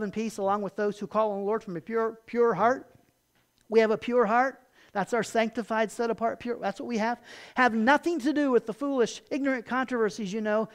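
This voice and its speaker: A pastor preaching a sermon. The pastor reads scripture aloud with rising emphasis, explains it in a conversational way, asks rhetorical questions, and often ends a point in a low, quiet voice.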